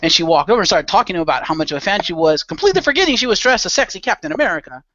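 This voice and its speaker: A man's voice: high voice, sing-song, racing, a bit bright, no room sound, lo-fi sound. A man chatting casually as a podcast guest, rambling through a story with fillers and swearing. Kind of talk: casual chat.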